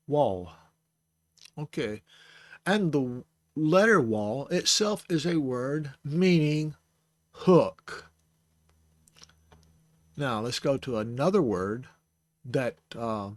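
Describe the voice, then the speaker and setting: A man with a medium-pitched voice gives an informal lesson on the Hebrew alphabet, recorded on a close microphone with no echo. As a Bible Hebrew teacher, he talks patiently, spells out sounds, and corrects himself along the way.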